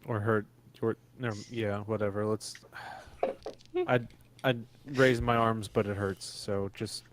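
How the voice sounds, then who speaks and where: A man's voice: lowish voice, steady tone, slow pace, slight background noise. Wry man playing a tabletop game. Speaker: player. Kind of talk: casual tabletop game play.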